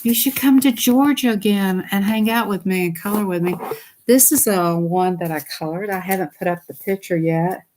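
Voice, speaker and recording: A woman chatting on a casual home livestream, talking into her desktop computer mic late at night. She is excitable and gabby, breaking into frequent laughs, with a voice of middling pitch. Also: moderate pace, a little hiss or hum. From Southern United States. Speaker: livestream host.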